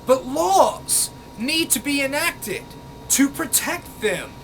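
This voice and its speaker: A man's voice: very high-pitched, very animated, slow pace, a bit bright, slight background noise, rough recording. A man ranting angrily at a commenter, sarcastic and exasperated, swearing often. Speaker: vlogger. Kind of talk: angry rant reading out comments.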